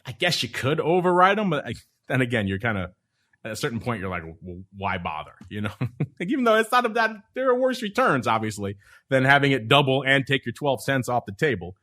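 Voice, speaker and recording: A man's voice: medium pitch, very animated, brisk, a bit bright. A man hosting a casual podcast chat in an ordinary mid-range voice. He keeps things light, chuckling between remarks and teasing the others. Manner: joking, chuckles often, teasing nicknames. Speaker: podcast host.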